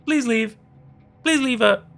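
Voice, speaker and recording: A man's voice: slow, vocal fry, a bit bright, soft background music, full character voice. A man voicing an eerie thing that mimics a woman's bubbly voicemail greeting, stuck repeating itself. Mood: eerie chirpy. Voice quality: upbeat, high, repetitive.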